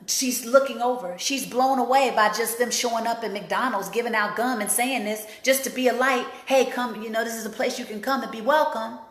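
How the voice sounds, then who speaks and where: A woman hosting an inspirational talk, speaking emphatically and repeating key phrases for emphasis. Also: fairly high pitch. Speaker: host and life coach. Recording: roomy echo.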